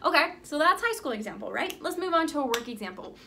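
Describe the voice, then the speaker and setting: A woman's voice: sits high, very animated, quick pace, gravelly, bright, forceful tone, slight background noise. A young woman life coach telling a fable in a motivational vlog, upbeat and chatty, with lots of "like" and "right?".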